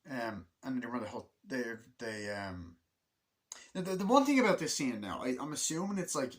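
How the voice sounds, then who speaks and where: A man's voice: mid-range voice, sing-song. Rambling, chatty male movie reviewer. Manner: rambling, loose and chatty, with many fillers and restarts; acts out film characters' lines in quick put-on voices. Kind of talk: casual spoken movie review.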